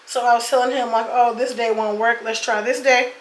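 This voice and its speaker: Brisk and level in tone, her voice sits on the high side as the twenty-something beauty vlogger does her makeup and tells a dating story, cursing freely and saying y'all and girl. It's a casual get-ready-with-me storytime in an echoey room with faint ambience and slight background noise.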